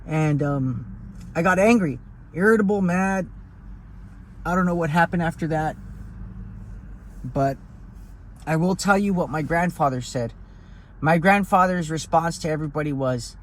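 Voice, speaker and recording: A man's voice: a little high, measured pace, pauses often, fairly bright tone. A man talking in a blunt, profane, rambling way in a casual vlog, recorded outdoors on a hill. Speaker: vlogger.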